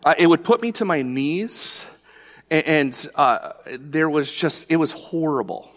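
A man's voice: a little high, lively intonation, a little slow, a bit bright, long reverb tail. A male pastor preaching a sermon, telling a personal story in a conversational storytelling way.

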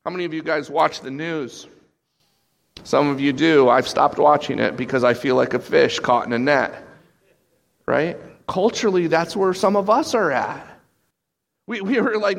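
Give me a man preaching a sermon, a bit high-pitched, lively, acting out quoted lines. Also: unhurried, vocal fry. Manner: animated, acts out quotes with sudden pitch jumps. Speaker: pastor.

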